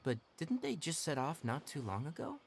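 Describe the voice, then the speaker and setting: An actor playing a young male forest watcher in a video game, measured and precise, asking careful questions. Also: on the high side, big pitch swings, creaky, a little hiss or hum. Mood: concerned.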